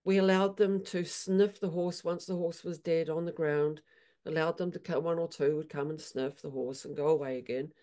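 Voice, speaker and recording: Mellow-voiced woman, animated storyteller. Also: sits low, normal speed. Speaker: equine therapist and author. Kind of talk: storytelling in an interview.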